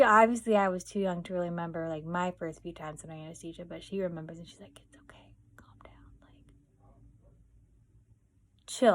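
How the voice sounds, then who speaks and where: A young woman vlogging, telling family stories in a chatty way full of fillers and acted-out quotes. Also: lowish voice. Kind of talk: casual storytelling.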